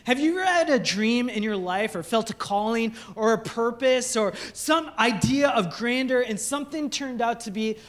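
A young man preaches in a notably high voice. He is a pastor telling stories with humor, and he acts out little scenes as he goes. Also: moderate pace, few pauses. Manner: playful storytelling with jokes and acted-out scenes. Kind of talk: sermon.

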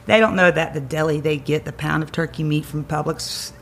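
A woman's voice: low voice, steady tone, brisk, husky. A woman, a chiropractor guest on a podcast, giving emphatic advice and repeating key words to drive her points home. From Greenville County area, South Carolina. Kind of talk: energetic advice-giving conversation.

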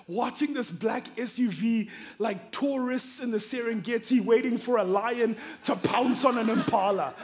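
A very high-pitched man from Africa preaches a sermon built around a personal story. He is animated, swinging between hushed tones and excited shouting.

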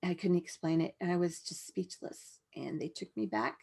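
A woman guest telling a personal story in a frank, halting way, with many restarts and asides. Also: sits low, lively intonation, darkish tone, breathy edge.

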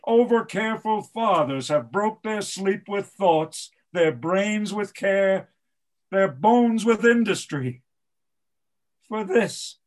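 A man reads a sick old king who is angry at his son. The voice sits fairly high for a man and moves slowly through the verse, every line weighed out. He reproaches his son with bitterness rather than shouting, reading as part of a play-reading cast. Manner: measured, declamatory verse reading.

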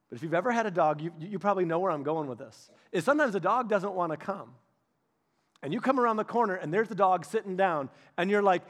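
A man pastor giving a casual, storytelling sermon, chatty and animated, speaking directly to his congregation. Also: sits high, fairly quick. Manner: chatty, animated, many restarts and asides.

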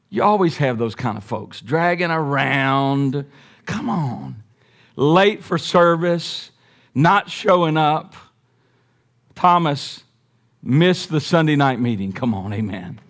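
High-voiced man preaching emphatically. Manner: emphatic preaching with rhetorical questions and call for amen. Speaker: pastor. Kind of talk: sermon.

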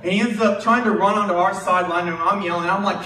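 A man's voice: high voice, fast talker, a little hiss or hum. A young man preaching a casual sermon. He tells a coaching story in a chatty way, often restarting his words. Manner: conversational, self-interrupting, animated storyteller. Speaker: preacher and high school football coach. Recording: roomy distant mic in a hall.

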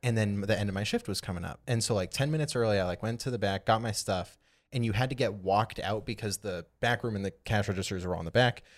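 Lower-voiced young man telling a rambling story. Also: fast talker. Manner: rambling, animated retelling with lots of "like". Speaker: podcast co-host. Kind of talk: casual storytelling chat.

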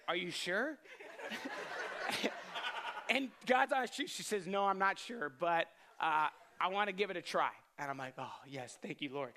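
A man in his thirties, a pastor telling a lively personal story in a sermon and laughing often as he goes. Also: mid-range voice. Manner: animated storyteller, self-deprecating, laughs often.

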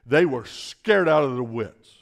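A creaky, mid-range male voice preaches unhurriedly with lively intonation. He moves from whispered asides to booming emphasis and prompts the congregation to reply.

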